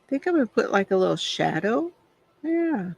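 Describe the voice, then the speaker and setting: A woman's voice: medium pitch, sing-song, normal speed, vocal fry, a little mellow, breathy edge, dry recording. A middle-aged woman hosting a craft livestream, chatting casually and confidingly while she colors, with frequent sighs. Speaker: craft channel host.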